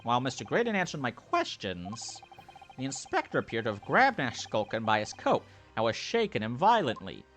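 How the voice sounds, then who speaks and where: A man's voice: medium pitch, wildly swooping pitch, moderate pace, fairly bright tone, soft background music. A man voicing an earnest young male defense attorney in a game let's play.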